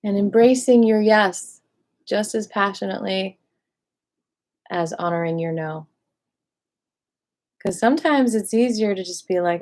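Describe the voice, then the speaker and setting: A woman leading a qigong meditation class, speaking in a gentle, affirming way and often repeating her cues. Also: medium pitch, a little slow, pauses often. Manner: gentle, affirming, repetitive coaching. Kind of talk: guided meditation instruction.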